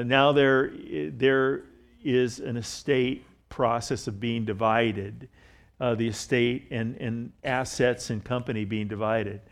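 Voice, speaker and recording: Middle-aged man preaching conversationally. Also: medium pitch. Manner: conversational preaching with jokes and stories, many restarts. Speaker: pastor. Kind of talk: sermon. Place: church.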